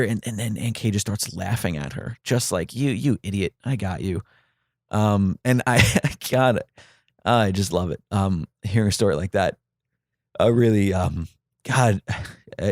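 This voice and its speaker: Low-voiced grieving New man. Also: a little mellow, no echo, studio quality. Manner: halting, many fillers and restarts. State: grieving, voice catching. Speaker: podcast host. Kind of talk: heartfelt personal monologue.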